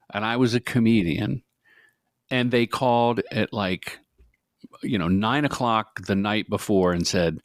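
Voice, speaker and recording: A middle-aged man telling stories as a guest in an interview, animated, jokey and self-deprecating. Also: medium pitch, dry recording, studio quality. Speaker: guest, commercial director. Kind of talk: casual interview storytelling.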